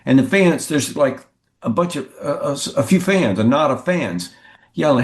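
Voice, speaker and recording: An older man, a guest sportswriter, telling anecdotes in a lively conversational way and acting out what others said. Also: normal speed. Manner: lively storyteller who acts out quotes with pitch jumps. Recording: roomy echoey sound.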